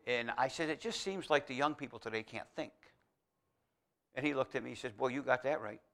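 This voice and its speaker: A male preacher with a bright, forward tone gives a homey, conversational sermon. He breaks off into asides and restarts, then climbs into loud, emphatic exhortation. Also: medium pitch, fairly quick, gravelly.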